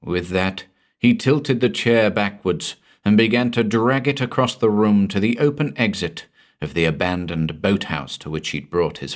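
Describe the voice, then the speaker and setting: Here a narrator with a low voice reads a horror script aloud. He keeps a slow, theatrical pace and lets his phrases trail off into a hush.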